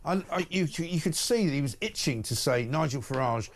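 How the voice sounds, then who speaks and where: A man's voice: fairly high pitch, animated, a little fast. A man hosting a morning talk radio show, blunt and opinionated, reading out listener messages. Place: radio studio.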